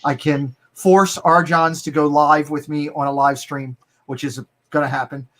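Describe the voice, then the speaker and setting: A middle-aged man with a Baltimore accent, a guest speaking earnestly and warmly in casual live-stream chat, often repeating words as he goes. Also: on the high side, little pitch movement, a little slow.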